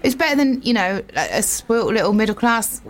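A chatty woman co-hosts a radio show, her voice pitched a little high. She tells odd stories in a loose, giggly way, close to the studio mic. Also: animated, a little fast. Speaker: radio co-host. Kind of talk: casual radio chat.

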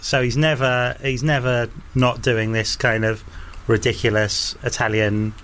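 A man co-hosting a casual podcast chat, easygoing and a bit halting. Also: mid-range voice, level tone, a bit bright, slight background noise.

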